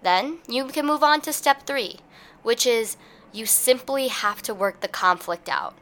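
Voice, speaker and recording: Woman podcast host, solo advice talk, casual and animated, slips into quoted voices. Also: on the high side, unhurried. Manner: animated storytelling, acts out little scenes in quoted voices; casual, conversational, with "like" and "kinda".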